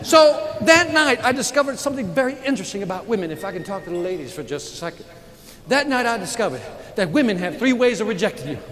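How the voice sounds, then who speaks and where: This high-pitched fast talker is on stage for a live motivational sales keynote, spinning lively stories and drawing the audience into call-and-response. The large event hall and its live audience come through in a reverberant recording with faint noise.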